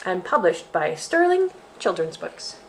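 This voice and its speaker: A woman hosting a library storytime for children, reading a picture book aloud in an expressive, sing-song way. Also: lowish voice, unhurried, a little hiss or hum.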